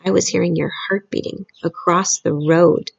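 A woman doing a gentle big friendly giant. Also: lowish voice, steady tone, normal speed, vocal fry, husky, lo-fi sound, exaggerated voice. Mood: earnest. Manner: earnest, wondering, jumbled made-up words. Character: kindly big friendly male giant, mangled grammar.

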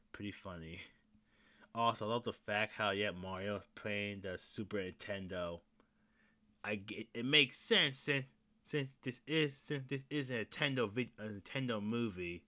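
A young man talks through his solo podcast in a bright, forward voice with lots of bounce in his pitch. He rambles, laughs, restarts sentences and curses freely. He swings from excited outbursts to mumbled asides. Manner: rambling, laughing, swearing, with many restarts and sudden loud bursts; excited fan talk that drops to mutters and whispers. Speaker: podcast host. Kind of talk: casual solo podcast chat.

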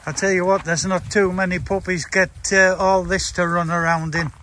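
A man's voice: high-pitched, level tone, moderate pace, bright, forceful tone, a little hiss or hum. A man chatting bluntly while walking his dogs outdoors on a rural property. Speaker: dog breeder. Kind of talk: casual walking vlog.

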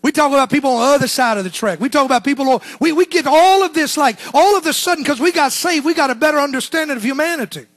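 A man preaching a sermon as pastor, swinging between shouted lines and hushed, low asides. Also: lively intonation, fast, hardly any pauses, no echo.

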